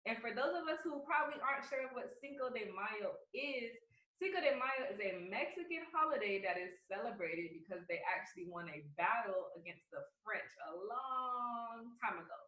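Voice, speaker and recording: A woman's voice: fairly high pitch, expressive, moderate pace, bright, forceful tone. A woman teacher opening a video lesson in a chatty, upbeat way. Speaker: first grade teacher. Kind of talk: casual video lesson intro. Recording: echoey, from a distance.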